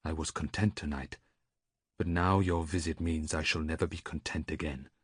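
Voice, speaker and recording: A man voicing a gloomy, reluctant old male seer in an audiobook, speaking quietly, slowly and solemnly. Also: rumbling low, steady tone, husky, no echo, clean studio sound, heavily acted. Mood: grim.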